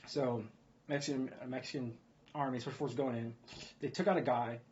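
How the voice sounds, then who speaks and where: A man's voice: medium pitch, fairly even intonation, fairly quick, darkish tone. Profane ranting man, dull lo-fi audio. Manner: profane, repetitive, rhetorical "guess what" questions. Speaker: video blogger. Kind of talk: ranting commentary on news.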